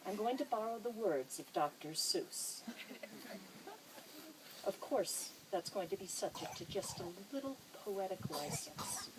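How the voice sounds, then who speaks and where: A woman officiating a wedding ceremony, leading vows with gentle, teasing warmth. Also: mid-range voice, background noise. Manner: warm, teasing, gently emotional.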